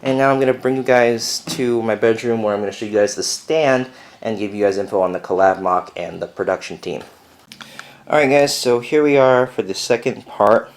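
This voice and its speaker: A young man with a somewhat low voice talks casually and at length in his bedroom. His delivery rambles, full of "uh" and "you know" as he loops back on himself. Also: moderate pace. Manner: rambling, chatty, many fillers. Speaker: Lego builder vlogger. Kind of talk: casual video update. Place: bedroom at home.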